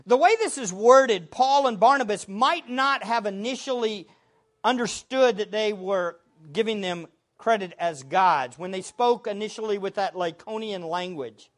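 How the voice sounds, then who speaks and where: A man preaching a sermon, with expressive delivery, sometimes shouting the quoted words. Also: sits high, a little slow. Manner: expressive preaching, shouting acted quotes, laughing between points.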